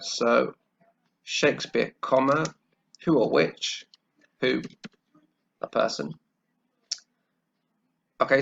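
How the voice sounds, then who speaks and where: A male English teacher walks through a grammar lesson at an unhurried pace, checking in with "okay" after almost every step. His voice has a gravelly, creaky edge. The recording is dull and lo-fi, with keyboard typing and clicking behind him. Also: medium pitch, fairly bright tone, a little hiss or hum. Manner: slow, careful explaining with frequent "okay" checks. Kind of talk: grammar lesson while writing on screen.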